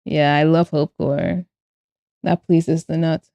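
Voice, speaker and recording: A woman's voice: sits low, little pitch movement, slow pace, vocal fry, dark tone, dry recording, muffled recording. A young woman streamer chatting casually and playfully with her viewers while she draws, often breaking into giggles. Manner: playful, giggly, talks to chat. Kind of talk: casual live-stream chat while drawing.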